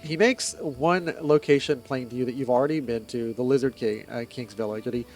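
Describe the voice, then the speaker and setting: A man runs a tabletop game as its game master, narrating in a halting, hesitant voice at an ordinary pitch. Soft music plays quietly behind his narration.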